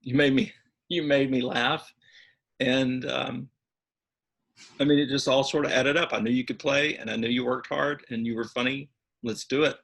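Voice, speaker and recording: A man who directs a church's music, chatting warmly as an interview guest and gently poking fun at himself. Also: medium pitch, fairly even intonation, normal speed, gravelly, breathy edge. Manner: warm, chatty, self-deprecating. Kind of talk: casual interview chat.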